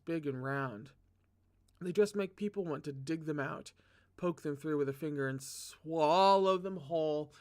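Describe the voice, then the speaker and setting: A host reading a novel aloud, breaking off into chatty, excitable commentary with self-deprecating humor. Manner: dramatic, excitable asides with big pitch jumps. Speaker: read-along host.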